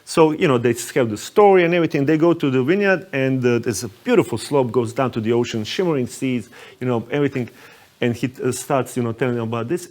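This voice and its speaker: A man speaking at an ordinary, middle pitch as a panelist. He runs a tour company and tells a lively anecdote, full of fillers and small restarts. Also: a little fast. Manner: animated anecdote telling with fillers. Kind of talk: panel discussion storytelling.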